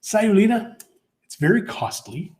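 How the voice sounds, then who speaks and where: A man's voice: high voice, very animated, a little slow, a little mellow. A middle-aged man co-hosting a livestream, chatting casually and rambling through stories with many restarts. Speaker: co-host of a livestream show. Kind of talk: casual chat.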